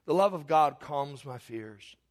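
A man's voice: fairly high pitch, animated, measured pace. A middle-aged man, preaching a sermon as pastor and telling homespun stories with many restarts and asides. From Eastern Kentucky.

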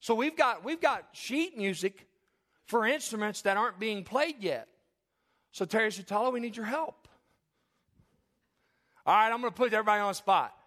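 High-voiced joking pastor in church. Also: male voice, animated, normal speed, long pauses. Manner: joking, calls on congregation by name; drops to soft earnest tone. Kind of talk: sermon. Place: church sanctuary.

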